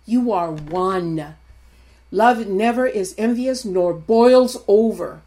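A woman's voice: medium pitch, slow, mellow. A woman in her sixties preaching a sermon. She speaks emphatically and repeats her points, calling out directly to the congregation.

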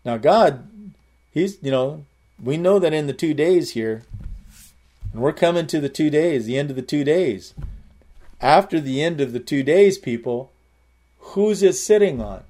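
A man's voice: on the high side, expressive, measured pace, pauses often, dark tone. A man preaching a sermon, explaining Greek words and repeating key phrases with emphatic rises. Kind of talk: sermon with word study.

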